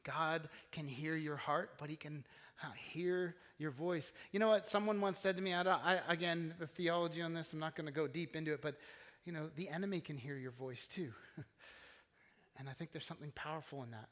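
Pastor, male, somewhat high voice; earnest conversational sermon in a church with long reverb. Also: a little fast, a bit bright. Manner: conversational, earnest, with frequent restarts. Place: church sanctuary.

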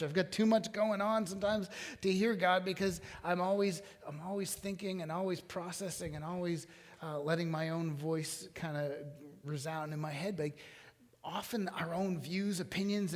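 Male pastor, thirties, chatty sermon to the room, slightly high voice, hall echo. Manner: conversational, asks the congregation questions. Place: church hall. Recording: long hall reverb.

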